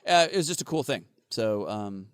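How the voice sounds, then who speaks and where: A man's voice: medium pitch, lively intonation, moderate pace, clear, resonant tone, no room sound, studio quality. A man co-hosting a casual podcast, rambling, laughing and swearing freely. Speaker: podcast co-host.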